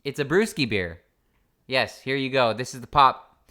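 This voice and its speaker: A man's voice: medium pitch, animated, normal speed, a bit bright. A man hosting a podcast in casual chat, playful and joking as he runs promos and talks with his co-host.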